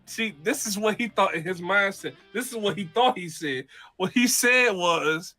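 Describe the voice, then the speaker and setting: A man's voice: sits high, moderate pace, bright, forceful tone, faint music behind. A man co-hosting a podcast, teasing and laughing often, acting out quotes in casual chat. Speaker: podcast co-host.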